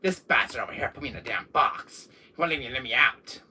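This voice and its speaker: A man voicing a grumpy male crime boss who complains gruffly about being shut in a box. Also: mid-range voice, animated, fast, sharp tone, slight background noise. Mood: grumbling.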